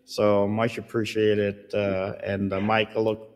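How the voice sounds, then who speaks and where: A low-voiced man hosts an interview in a casual way. He is friendly and halting, and he fills the gaps with frequent "uh"s. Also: monotone. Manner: halting, heavy with fillers, friendly. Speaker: podcast host.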